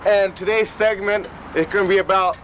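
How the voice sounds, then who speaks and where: Brief: out-of-breath male public-access TV host, rambling and profane, pitched a bit high, loud traffic noise around him. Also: fairly even intonation, brisk. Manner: rambling, profane, loose, repeats himself. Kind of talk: rambling talk to camera. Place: outdoors at a friend's house.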